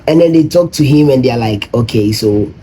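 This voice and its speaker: A man's voice: on the high side, a little fast, dark tone, a little hiss or hum, low-quality recording. A man from Ghana, hosting a reaction video, explains his thoughts casually and rambles, acting out other people's voices when he quotes them.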